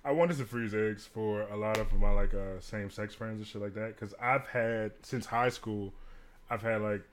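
A man and bartender telling stories in a casual chat, animated and profane, acting out what others said. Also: on the low side, normal speed. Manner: animated, profane, acts out quotes with big swings. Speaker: podcast co-host and bartender.

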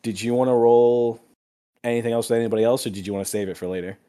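A man acting as game master in a casual tabletop game session, relaxed and quick to laugh. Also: medium pitch, smooth. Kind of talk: running a tabletop game over voice chat.

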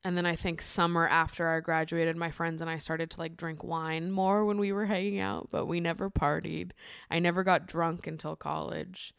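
A woman's voice: fairly low pitch, level tone, moderate pace, gravelly, a bit bright, clear, resonant tone, no room sound, studio quality. A woman in her late twenties hosting a podcast, talking casually on her own, laughing often and swearing freely. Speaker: podcast host. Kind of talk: casual solo podcast monologue.

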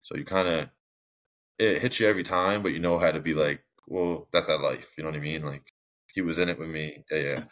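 A man's voice: rumbling low, fairly even intonation, fast talker, a bit bright. A young man speaking as a podcast guest, telling his story in a casual, rambling way with many fillers and restarts. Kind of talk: candid personal storytelling.

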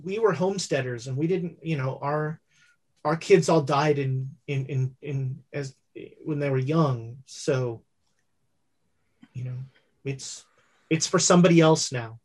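The ghost of an old homesteader mourns in a soft, halting voice, as a game master puts him on. The speech is slow and unhurried, as in a tabletop horror game. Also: medium pitch, voice pushed down, close to an everyday voice. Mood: mournful.

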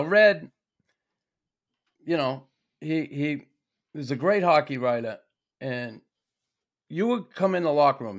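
A man with a Boston accent hosting a podcast, telling stories in a blunt, profane, casual way. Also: medium pitch. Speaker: podcast host. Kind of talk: casual interview chat.

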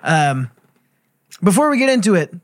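A man's voice: sits high, very animated, normal speed, no echo, studio quality. A man hosting a comedy podcast, easygoing and playing along with his drunk guests. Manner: laid-back, easygoing, plays along. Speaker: host.

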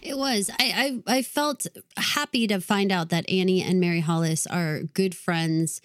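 A woman's voice: on the low side, a little slow, no echo, clean studio sound. A woman co-hosting a podcast, talking casually and with earnest enthusiasm. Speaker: podcast co-host.

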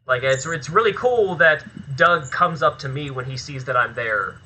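Bright, high-voiced profane talker, a man. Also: normal speed, a little hiss or hum, poor audio. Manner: animated, profane, rambling. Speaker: filmmaker and actor guest. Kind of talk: casual podcast chat.

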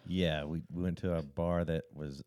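Low-voiced man making dry remarks. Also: fairly even intonation, moderate pace, darkish tone, no room sound. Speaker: podcast guest. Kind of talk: casual chat.

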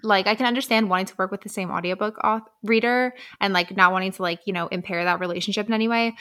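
A woman's voice: medium pitch, fairly even intonation, fast, hardly any pauses, sharp tone. An American woman co-hosting a casual book podcast, talking with lots of fillers and easy laughter. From United States. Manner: chatty, many fillers, laughs often. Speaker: podcast co-host.

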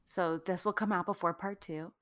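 A woman's voice: on the low side, steady tone, moderate pace, fairly bright tone. Playful woman podcast co-host. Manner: playful, jokey. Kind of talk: casual chat.

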